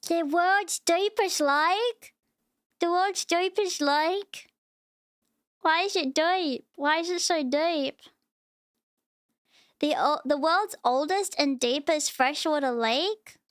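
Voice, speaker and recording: High-voiced, excitable woman streamer. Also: slow pace, pauses often, dry recording, studio quality. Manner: excitable, giggly, chatty. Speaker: VTuber streamer. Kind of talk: reacting to videos on a live stream.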